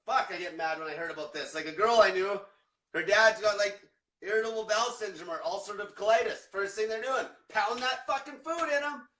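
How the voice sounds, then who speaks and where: A man's voice: high voice, fast talker, fairly bright tone, distant mic. A man coaching viewers in a blunt, combative rant full of swearing. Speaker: diet coach. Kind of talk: profane motivational rant. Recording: echoey room, off-mic.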